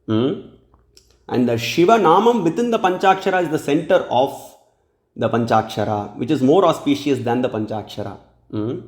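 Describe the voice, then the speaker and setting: A man's voice: fairly high pitch, a little mellow, roomy sound. A man giving a scripture lecture who recites verses, translates them, and often checks in with "hmm?". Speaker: religious lecturer.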